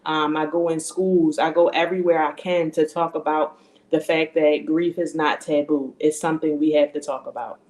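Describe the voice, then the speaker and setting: A woman grief coach talking about her work in an interview, steady and with frequent "um" fillers, over a video call. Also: low voice, normal speed. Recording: roomy echo.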